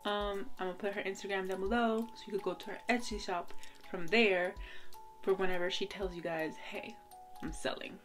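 A young woman hosts a casual unboxing vlog, bubbly and quick to giggle as she gushes over each item. Her voice sits at an ordinary middle pitch. Faint music plays softly underneath. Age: young adult. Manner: bubbly and giggly, gushing with excitement. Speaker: vlogger.

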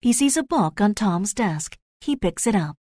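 A woman's voice: mid-range voice, no room sound, studio quality. Woman narrating a graded reader. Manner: slow, clear, even reading.

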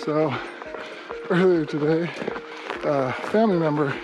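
A man's voice: a little high, unhurried, noisy background. A man vlogging on a mountain trail, chatting casually to the camera and to his dogs as he hikes. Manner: chatty, talks to his dogs while hiking. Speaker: hiking vlogger. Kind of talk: casual vlog talk to camera. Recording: music playing under the voice.

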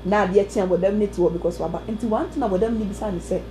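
A woman preaching an animated sermon, telling a testimony with sudden exclamations and snatches of song. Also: mid-range voice, fast, background noise. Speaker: prophetess preacher. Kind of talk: sermon testimony mixing Twi and English.

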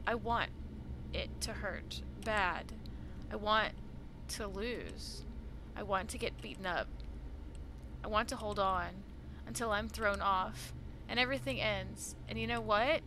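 Brief: woman voicing a moody young cat, slow delivery, faint noise behind. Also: mid-range voice, lightly acted. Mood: grim resolve. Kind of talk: reading game dialogue aloud.

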